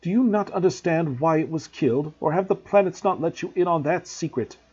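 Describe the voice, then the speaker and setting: Brief: a man doing a solemn young centaur, husky and mellow, dull recording. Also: fairly high pitch, brisk, voice pushed up. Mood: indignant. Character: young male centaur, calm and grave.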